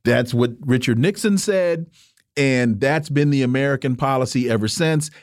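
A man's voice: normal speed, darkish tone, dry recording, clean studio sound. A man co-hosting a political talk radio show, arguing emphatically with rhetorical questions. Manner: emphatic, rhetorical questions, rising pitch when pressing points.

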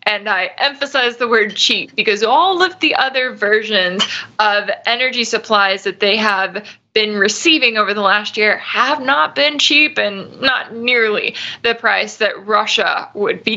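A woman's voice: mid-range voice, pushed and bright, muffled recording. A woman hosting a news commentary show, arguing her points through hypotheticals and rhetorical questions. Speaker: radio news host.

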